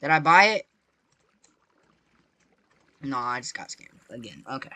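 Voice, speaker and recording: An excitable gaming creator does live gameplay commentary at a measured pace in a mid-range voice. He's chatty and repetitive, full of playful slang, always talking to viewers and shrieking when something startles him.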